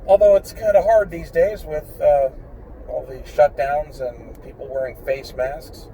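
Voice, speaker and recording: A man with a mellow, dark voice rambles bluntly and swears freely while driving. He sounds a little far from the mic inside his car, and a faint engine hum runs underneath. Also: fairly high pitch, fairly even intonation, a little slow. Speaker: vlogger.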